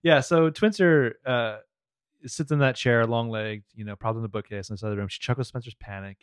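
Casual male podcast co-host, mid-pitched, dry. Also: fairly quick, clean tone, no echo. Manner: animated, rambling. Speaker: podcast co-host recapping a TV show. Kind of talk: casual chat.

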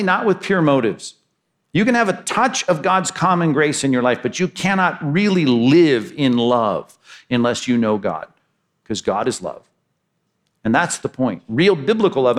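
Emphatic male preacher. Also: medium pitch. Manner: emphatic, repetitive preaching with rising and falling intensity. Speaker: pastor. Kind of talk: sermon.

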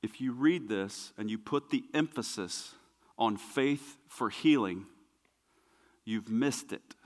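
A man preaching a sermon as pastor, with emphatic repetition that swings between hushed and loud passages. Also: medium pitch. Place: church sanctuary. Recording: long hall reverb.

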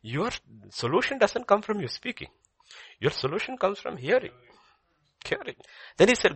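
An older man preaching a sermon as pastor, swinging between loud emphasis and soft near-whispers and repeating key phrases. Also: high voice, very animated, normal speed, pauses often, breathy edge, dry recording.

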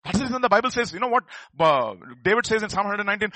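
Emphatic preacher, bright voice. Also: male voice, sits high, animated, racing, hardly any pauses, no echo, rough recording. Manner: emphatic preaching, swings between loud calls and quiet asides; calls for congregation responses. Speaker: pastor. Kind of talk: sermon. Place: church service.

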